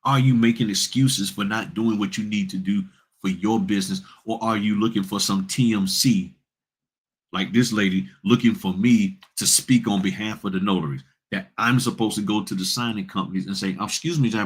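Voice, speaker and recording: A man's voice: lowish voice, steady tone, moderate pace, slightly rough. A man hosting a notary business vlog, giving blunt, straight-talking advice and repeating points for emphasis.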